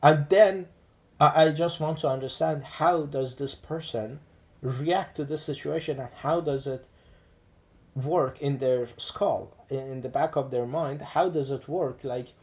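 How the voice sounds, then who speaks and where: A man's voice: on the high side, measured pace, a little mellow. A man talking to the camera in a casual, reflective monologue. He hesitates often, with many fillers and restarts. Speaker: vlogger.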